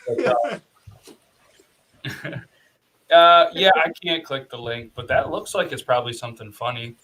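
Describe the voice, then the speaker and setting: Bright-voiced joking podcast host man. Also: medium pitch, lively intonation, a little hiss or hum, poor audio. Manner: joking, quick asides. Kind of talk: casual chat. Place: home studio.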